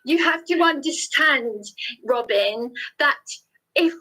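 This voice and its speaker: A woman's voice: sits high, lively intonation, slow pace, bright, forceful tone. A distraught woman from England, pouring out her troubles on a phone call, stammering through restarts and raising her voice. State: distraught, near tears. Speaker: caller.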